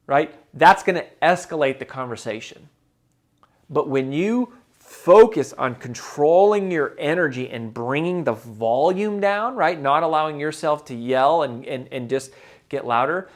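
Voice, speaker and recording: A man giving advice as a motivational speaker, emphatic and repeating key phrases, moving between loud and soft delivery for effect. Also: fairly high pitch. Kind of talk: direct-to-camera advice talk.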